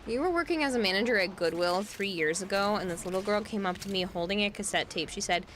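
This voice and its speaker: A woman's voice: medium pitch, fast talker, a bit bright, slight background noise. A tired young woman streaming live, reading viewer messages aloud and musing casually about technology. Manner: reads chat aloud and muses on technology. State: tired, yawning.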